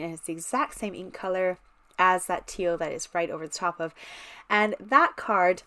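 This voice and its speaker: A woman hosting a casual card-making tutorial, talking chattily and enthusiastically straight to the viewer as she shows her work. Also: mid-range voice. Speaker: card-making channel host. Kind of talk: casual craft tutorial walkthrough.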